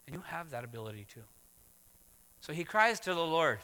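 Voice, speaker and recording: A man preaching a sermon as pastor, swinging from hushed words to loud exclamations. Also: a little high, lively intonation, moderate pace. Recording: long hall reverb.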